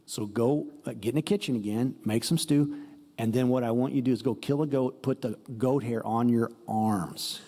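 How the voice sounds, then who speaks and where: A man's voice: medium pitch, normal speed, mellow, in a large hall, lightly acted. A man voicing a scheming mother who gives bossy, conspiratorial orders.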